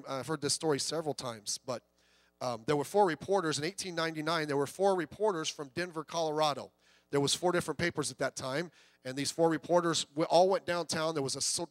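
A man's voice: fairly high pitch, dry recording. A man preaching a sermon as pastor, in a conversational way with stories and quoted voices.

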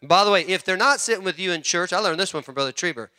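Animated preacher man, bright, forceful voice. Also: high-pitched, fast, clear, resonant tone, no room sound, clean studio sound. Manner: animated preaching, swinging from loud emphasis to quiet asides; repeats words and restarts often. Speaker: pastor. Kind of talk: sermon.

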